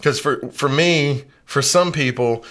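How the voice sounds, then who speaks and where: A man hosting a podcast, telling stories in a relaxed, profane, rambling way full of fillers. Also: mid-range voice, measured pace, background noise. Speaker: podcast host. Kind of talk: casual podcast chat.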